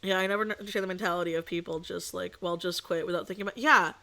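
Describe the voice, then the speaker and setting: A woman's voice: lowish voice, fairly even intonation, racing, vocal fry, pushed and bright. A young woman streaming live, ranting casually to her chat, swearing and laughing between points. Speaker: VTuber streamer.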